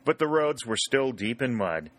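Bright-toned male narrator. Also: mid-range voice. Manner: even, measured storytelling. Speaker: audiobook narrator. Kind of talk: scripted narration.

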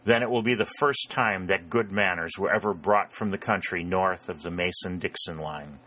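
A man's voice: low voice, normal speed, pushed and bright. A man voicing a furious wounded old colonel who thunders from his sickbed, delivering his lines with open scorn. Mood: wrathful. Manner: thundering, cursing. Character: furious bedridden old Southern colonel, roaring.

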